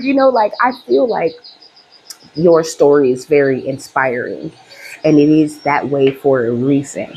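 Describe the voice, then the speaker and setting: Low-voiced woman giving an emphatic spiritual reading. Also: expressive, a little slow, darkish tone, a little hiss or hum, rough recording. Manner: chatty and emphatic, speaking straight to viewers; heartfelt, openly emotional. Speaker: spiritual reader and channel host. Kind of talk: casual direct-to-camera spiritual reading.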